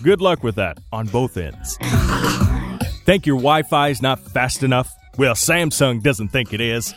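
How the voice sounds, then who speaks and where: A man hosting a daily tech news roundup, reading stories with sarcastic, wisecracking asides. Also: a little high. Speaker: news show host.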